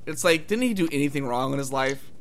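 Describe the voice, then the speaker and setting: A man's voice: mid-range voice, expressive, fast, a crowd in the background. A man co-hosting a casual movie chat, rambling and hedging as he talks. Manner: rambling, hedging with "I mean" and "it's like".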